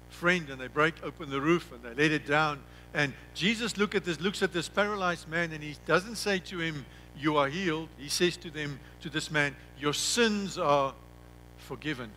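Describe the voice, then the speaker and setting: A male pastor preaches a sermon in a slightly high, bright, forceful voice, slowing down and lowering his voice on key words and repeating himself as he tells a story. The recording is rough, with a bit of hiss or hum.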